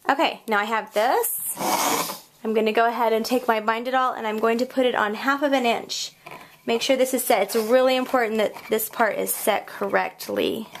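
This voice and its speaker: A young woman talks through a crafting tutorial at home, laughing off her own mistakes as she goes. Her voice sits a little high and carries some vocal fry. A faint hiss lies under the recording. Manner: chatty, self-deprecating, talks while working. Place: home craft room, kids heard elsewhere in house.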